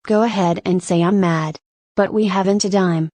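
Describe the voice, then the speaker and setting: A woman's voice: fairly low pitch, steady tone, normal speed, warm tone, no echo, close to an everyday voice. A woman reading as a determined former stage performer. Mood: passionate. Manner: firm and determined. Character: weary resolute middle-aged woman, former stage performer.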